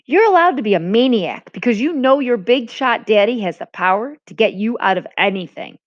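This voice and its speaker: A woman's voice: a little high, lively intonation, fairly quick, no echo, pitched above the performer's own voice, close to an everyday voice. An exasperated teenage boy snaps out sarcastic remarks in a slightly raised voice, voiced by a woman reading aloud. The recording is dry and muffled. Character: sharp-tongued teenage boy. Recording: dull lo-fi recording.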